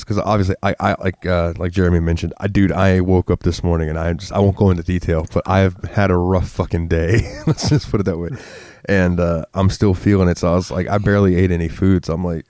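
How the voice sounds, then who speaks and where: In a dry, clean studio recording, this Florida podcast co-host, who is sick, speaks in a low, level voice that's fairly quick and a little mellow. His casual talk wanders, is full of profanity, and heats up whenever he starts ranting.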